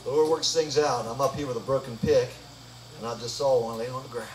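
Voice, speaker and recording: A man's voice: medium pitch, a little fast, slight background noise. A man leading a live gospel concert, joking between songs in a folksy stage patter. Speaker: gospel singer and bandleader. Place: church hall. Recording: roomy live hall audio from far off. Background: guitar music.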